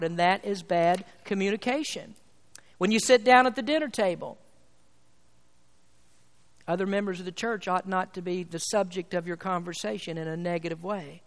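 High-pitched preacher guy, emphatic sermon, big church echo. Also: fairly bright tone. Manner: emphatic, rises and falls in volume. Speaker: pastor. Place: church sanctuary. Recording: long hall reverb.

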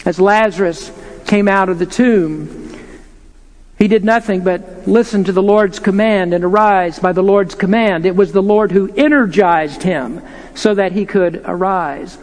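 High-voiced preacher in a reverberant hall. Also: male voice, measured pace. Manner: earnest, emphatic preaching with rhetorical questions. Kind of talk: sermon.

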